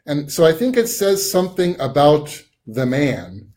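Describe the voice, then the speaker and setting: A man's voice: a little high, sing-song, a little slow, darkish tone. A man leading a Bible study in a conversational teaching style, thinking aloud with frequent ums and restarts.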